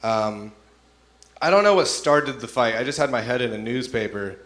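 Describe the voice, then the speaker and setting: Man, young adult, stand-up comedian, relaxed storytelling, acts out characters' voices. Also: mid-range voice, normal speed. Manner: laid-back storytelling, acts out voices of people in his stories.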